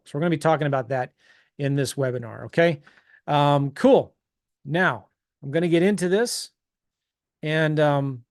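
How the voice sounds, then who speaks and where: A middle-aged man runs a live webinar, talking in a bright, higher register. He is chatty and upbeat, repeating himself with sales-pitch energy. The sound is dry and close on a computer mic. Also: dry recording. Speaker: webinar presenter.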